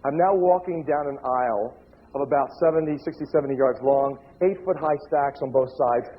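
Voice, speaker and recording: A man giving a storytelling speech to an audience, animated and acting out the voices he quotes. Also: mid-range voice, normal speed. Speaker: lecturer. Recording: narrow phone-like lo-fi sound.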